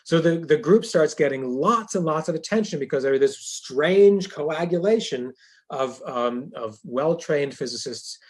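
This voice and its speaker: A man's voice: on the high side, expressive, a little slow, a little mellow, breathy edge. A male professor giving a university lecture in a conversational way, with dry humorous asides.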